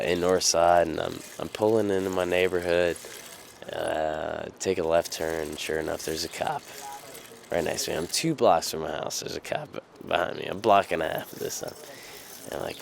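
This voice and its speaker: A man's voice: sits low, level tone, unhurried, vocal fry, a little hiss or hum. A young man casually telling a personal anecdote, rambling with fillers and restarts and swearing freely. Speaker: storyteller.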